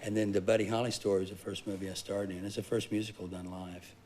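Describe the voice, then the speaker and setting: Animated, laughing man storyteller. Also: on the low side, fast, a little hiss or hum. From Texas, USA. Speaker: talk show guest. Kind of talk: talk show interview, storytelling.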